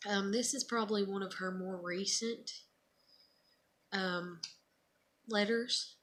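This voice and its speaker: A woman's voice: mid-range voice, fairly even intonation, takes it slowly. A woman in her thirties, a mother, casually chatting and reading her child's old letters aloud, rambling and emotional. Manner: rambling, soft-spoken, emotional. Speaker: vlogger, mother.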